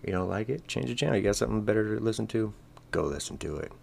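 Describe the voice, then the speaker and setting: A man's voice: fairly low pitch, expressive, fast talker, gravelly, darkish tone. A man hosting a podcast, talking in a crude, sarcastic, rambling monologue full of swearing. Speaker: podcast host. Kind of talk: casual comedic monologue.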